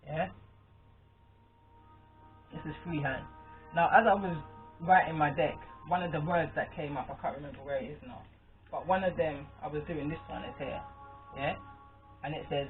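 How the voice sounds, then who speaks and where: A woman's voice: sits low, normal speed, long pauses. A British-born woman with a Caribbean patois twang, chatting casually to camera as a spiritual card-reading vlogger, rambling and often checking in with her listener. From Britain. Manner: chatty, rambling, often asks "you understand?". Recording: tinny phone-like sound with faint music.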